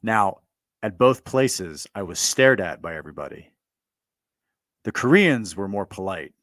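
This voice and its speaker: Blunt male storyteller, lowish voice, dry close recording, provocative, full of restarts. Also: expressive, unhurried, fairly bright tone, dry recording. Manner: blunt, provocative, repeats himself with stammered restarts. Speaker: commentator telling a personal story. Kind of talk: monologue recounting a conversation.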